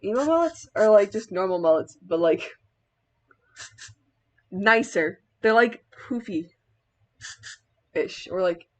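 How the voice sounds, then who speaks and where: A young woman rambles through a relaxed vlog chat as she styles a wig, her thoughts spilling out with plenty of filler words. She laughs easily partway through sentences. Her voice sits at an ordinary middle pitch. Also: muffled recording. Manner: giggly, laughs mid-sentence. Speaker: cosplayer. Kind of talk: casual vlog chat while styling a wig.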